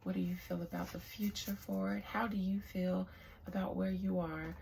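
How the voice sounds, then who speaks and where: A woman doing a casual tarot reading outdoors, talking in a slow, halting way and dropping into hushed invocations. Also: fairly low pitch, flat delivery, gravelly, a little hiss or hum. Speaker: tarot reader.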